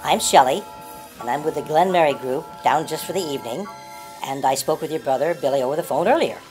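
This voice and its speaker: A hustling male elf salesman, played by a woman, nervous but eager to make the sale. The voice is low for a woman and swings widely in pitch. Faint music sits behind it. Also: expressive, a little fast, darkish tone. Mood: wheedling. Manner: hesitant, then pushy and wheedling. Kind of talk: amateur comedy parody acting.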